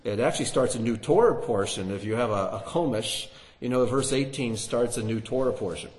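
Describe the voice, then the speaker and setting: A man's voice: mid-range voice, a little fast. A man teaching through a Bible passage, reading scripture aloud with rising emphasis and asking his listeners rhetorical questions.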